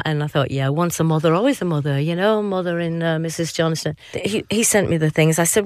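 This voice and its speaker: A woman's voice: low voice, steady tone, moderate pace, few pauses, no room sound. A woman with a Yorkshire accent, a singer chatting as a guest in an interview, laughing and wandering into asides. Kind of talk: casual interview chat.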